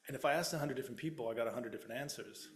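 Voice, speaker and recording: A man's voice: medium pitch, rapid-fire. A man moderating a panel discussion, talking in a frank, joking way with casual swearing.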